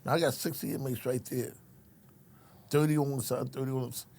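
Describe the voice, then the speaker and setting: A man's voice: medium pitch, steady tone, a little fast, darkish tone. A middle-aged man, a former correctional officer telling a story in a streetwise, profane way. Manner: streetwise, profane, repeats his listener's name, acts out the people in his story. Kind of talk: animated storytelling in casual conversation.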